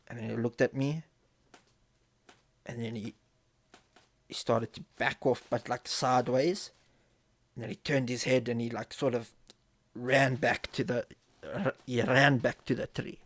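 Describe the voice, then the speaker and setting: A man's voice: mid-range voice, fairly even intonation, measured pace, pauses often, fairly bright tone. A man casually telling a story on a live stream, swearing often and repeating phrases as he builds tension. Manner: profane, vivid storyteller who repeats phrases.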